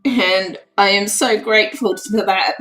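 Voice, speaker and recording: A woman hosting a casual crafts livestream, emotional and teary, repeating herself with excitement. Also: medium pitch, slow, soft background music, low-quality recording. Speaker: crafts channel host.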